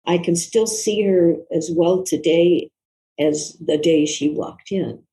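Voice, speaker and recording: An older woman, a guest author, recalling a personal story in an interview in a reflective, soft-spoken, earnest way. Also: on the low side, slow pace, low-quality recording.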